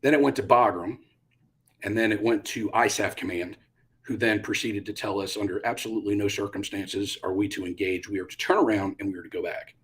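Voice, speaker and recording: Middle-aged male guest, low-pitched, animated storyteller who acts out dialogue. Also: brisk. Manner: animated, acts out quotes with bursts of loudness. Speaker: guest, retired Army pilot. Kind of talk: casual interview storytelling.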